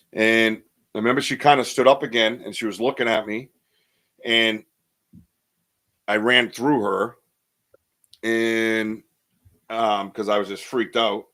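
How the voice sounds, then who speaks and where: Man, 50s, podcast host; low voice, casual storyteller who acts out the lines of the people in his story. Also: a bit bright.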